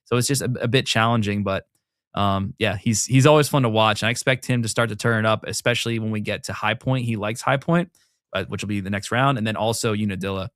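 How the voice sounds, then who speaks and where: A man's voice: on the low side, steady tone, a bit bright, no echo, clean studio sound. A man co-hosting a casual motocross talk show, asking pointed questions and weighing things up. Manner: curious, questioning, measured. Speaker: show co-host.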